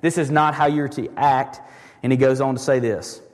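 A pastor preaching a sermon in a conversational, emphatic way, repeating words for stress. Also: male voice, medium pitch, fairly even intonation, moderate pace, big-room sound.

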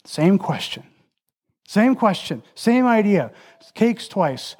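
A man preaching a sermon who builds long repeated lists of phrases and drops into a soft, near-whispered voice for emphasis. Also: sits high, sing-song, slow.

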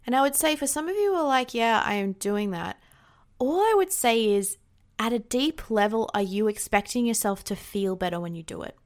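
A woman's voice: fairly high pitch, animated, fairly quick. A young adult woman coach hosting her own podcast, talking candidly and acting out her inner voice. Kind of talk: casual solo podcast talk.

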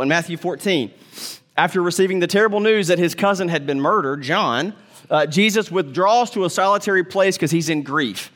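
Animated high-voiced male pastor. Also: a little fast. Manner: animated, acts out quoted voices, drops to soft tender tones. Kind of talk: sermon.

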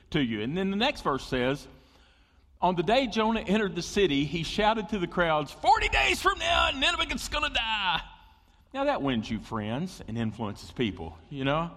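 Male pastor, conversational sermon, long hall reverb. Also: medium pitch. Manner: animated, conversational, with asides and jokes to the congregation.

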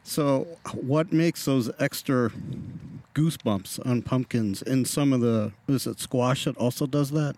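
Co-host, man, mid-pitched voice, dry teasing banter, farm visit. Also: a little slow, a little mellow. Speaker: podcast co-host. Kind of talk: casual on-site interview. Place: outdoors on a pumpkin farm.

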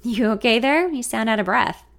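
A woman's voice: on the high side, expressive, normal speed, creaky. A woman voicing a flirty man with a Southern US drawl who coaxes and dodges questions. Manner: coaxing, drawling.

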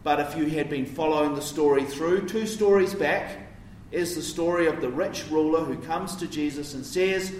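Preacher in a roomy church. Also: male voice, on the high side, moderate pace, hardly any pauses, darkish tone, slight background noise. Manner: conversational, explanatory, rhetorical questions. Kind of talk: sermon. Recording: roomy, distant mic, faint ambience.

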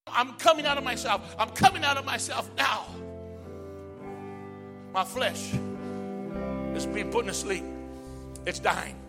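High-pitched shouting preacher with music behind. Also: male voice, expressive, measured pace, pauses often. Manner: preaching with call-and-response, swinging from shouts to hushed prayer. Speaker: pastor. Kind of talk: sermon.

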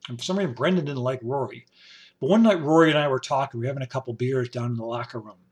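A man's voice: mid-range voice, racing. A man from upstate New York telling rambling stories from his past in a casual spoken-memoir style, full of "you know" fillers. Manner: rambling, warm storytelling with many "you know" fillers and quoted voices. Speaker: storyteller.

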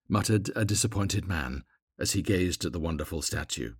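A low, slightly husky man reads a fairy tale aloud. His voice moves through a wide, expressive range. The sound is close and dry. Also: a little fast, no room sound. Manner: expressive, gently dramatic. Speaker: narrator. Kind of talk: storybook reading aloud.

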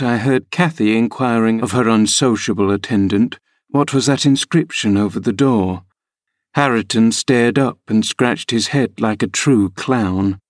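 A man reading a classic novel aloud in measured, even scripted narration. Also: medium pitch, dry recording, studio quality. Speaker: audiobook reader.

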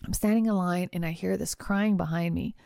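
A woman hosting a podcast, telling a personal travel story in a chatty, animated way with casual fillers. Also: fairly low pitch, fairly quick, creaky, no room sound, clean studio sound. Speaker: podcast host and trial lawyer.

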